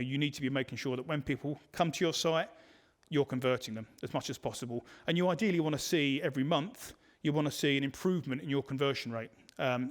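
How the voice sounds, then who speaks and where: A man presenting a digital marketing webinar in a conversational way, full of fillers and restarts. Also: medium pitch. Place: online webinar.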